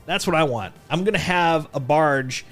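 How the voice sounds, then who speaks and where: A man's voice: a little high, normal speed, faint music behind. Playful rambling male streamer. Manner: rambling, playful, jokey, with frequent restarts. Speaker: livestreamer. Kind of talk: casual gameplay commentary.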